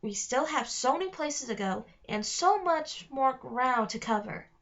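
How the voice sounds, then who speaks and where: A young boy, blunt and anxious, voiced in a higher register by a woman reading aloud. The sound is dull, like a home recording. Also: expressive, measured pace, fairly bright tone, full character voice. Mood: worried. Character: twin boy Connor, worried and blunt.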